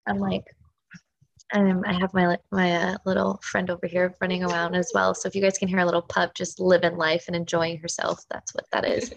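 A woman hosting a casual podcast chat as a spiritual business coach, gushing and emphatic, breaking into animated outbursts. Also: fairly low pitch, a little fast, vocal fry. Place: home, with a dog running around.

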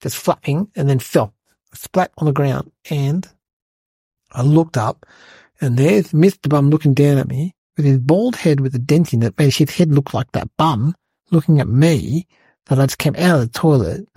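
A man voicing an excitable, rambling young schoolboy, telling a comedic story. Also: mid-range voice, moderate pace, slightly rough, dry recording. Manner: breathless rambling storyteller, lots of "like" and "guys".

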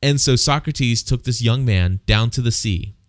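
A man's voice: mid-range voice, normal speed, no room sound, studio quality. Earnest man discussing faith. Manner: earnest, repeats words. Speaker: co-host.

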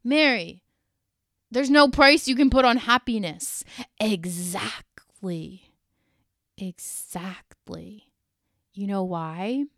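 A woman's voice: on the high side, expressive, a little slow, a bit bright, clear, resonant tone, dry recording, clean studio sound. A woman hosting a solo motivational podcast, talking in an earnest, heartfelt way with casual fillers. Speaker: podcast host.

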